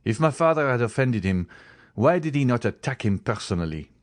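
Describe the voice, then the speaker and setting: A man's voice: mid-range voice, sing-song, brisk, no echo, clean studio sound, pitched above the performer's own voice, lightly acted. A man voicing a hot-headed young nobleman who is bent on a duel and speaks in intense, clipped, indignant tones. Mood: vengeful.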